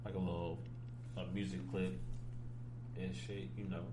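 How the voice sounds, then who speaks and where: A man's voice: deep voice, flat delivery, normal speed, background noise. A man from Ohio hosting a podcast, talking in a laid-back, slangy casual chat style, often asking "you feel me". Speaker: podcast host.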